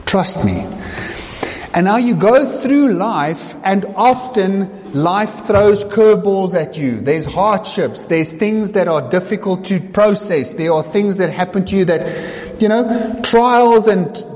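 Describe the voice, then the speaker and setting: A man preaching a sermon, telling the story with animated acting-out of scenes. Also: sits high, slow pace. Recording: echoey hall reverb.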